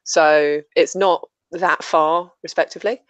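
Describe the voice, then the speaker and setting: This guest, from Buckinghamshire in England, has a medium-pitched, fairly even, fairly bright voice, a little slow, with no room sound. Chatting casually on a stream in a southern English accent tinged with Scouse, they laugh easily and use many fillers.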